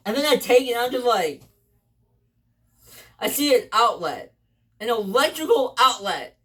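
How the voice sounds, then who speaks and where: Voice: medium pitch, expressive, unhurried, a bit bright. A speaker telling rambling stories in a casual, profane way, repeating phrases and calling the listener "bro.". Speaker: storyteller. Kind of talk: casual storytelling. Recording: voice a bit distant from mic.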